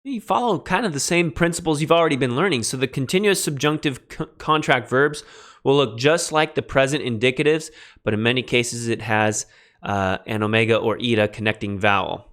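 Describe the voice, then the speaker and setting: On a livestreamed lecture, a man with a mid-range voice teaches a beginning Greek lesson at a slightly quick pace. He's relaxed and self-deprecating, spelling words out letter by letter.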